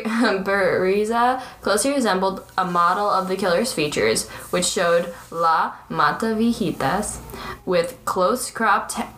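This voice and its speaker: A woman's voice: lowish voice, fairly bright tone. Young woman, chatty podcast co-host, giggles while reading a case, stumbles on words, echoey room, faint hiss. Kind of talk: casual true-crime chat, reading aloud.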